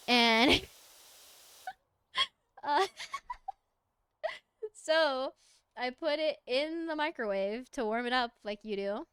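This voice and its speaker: Streaming a game, this woman from the United States rambles chattily through stories and laughs a lot. She speaks at a moderate pace with frequent pauses, in an animated, fairly high voice that sounds bright, clear and resonant.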